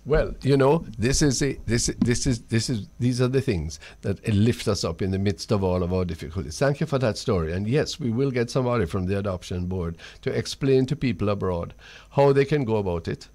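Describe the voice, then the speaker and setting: This man is a Jamaican radio host, and his speaking voice sits low. He talks in a measured, reflective way. He keeps backing up his guest with soft murmurs of agreement. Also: animated. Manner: affirming, measured, with frequent murmured backchannels. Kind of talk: radio talk show interview.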